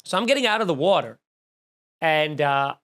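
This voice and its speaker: A man's voice: on the high side, moderate pace, clean tone. A man hosting a comedy podcast, telling a wild story with profanity and acted-out quotes. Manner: animated, profane, acts out voices in his story. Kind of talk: comic storytelling rant.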